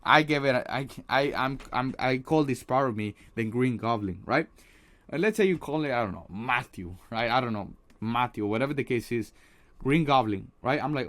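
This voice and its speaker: A man's voice: medium pitch, lively intonation, moderate pace, fairly bright tone. A man giving a casual motivational talk on social anxiety, earnest, with many restarts and a habit of asking "right?". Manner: earnest, repeats words, tags lines with "right?"; acts out a harsh inner critic in quoted asides.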